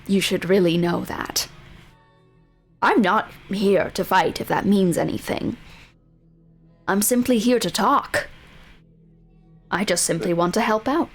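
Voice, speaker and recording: A woman voicing a cold, mocking sorceress who taunts in a calm voice. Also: medium pitch. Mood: cool.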